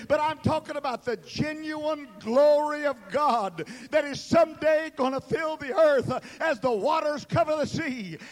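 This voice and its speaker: A man preaching a sermon, swinging between fervent shouting and hushed, slow emphasis, with dramatic repeated words. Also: very high-pitched.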